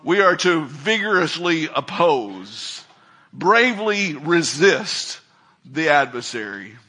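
High, husky-voiced preaching man. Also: sing-song, slow pace. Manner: emphatic preaching, swings from loud calls to quiet asides. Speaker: pastor. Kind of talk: sermon.

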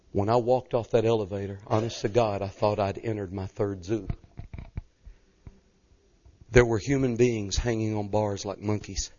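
A man's voice: fairly low pitch, highs cut off. A man from Arkansas, an evangelist telling a story in a sermon and acting out the voices. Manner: animated, acts out voices.

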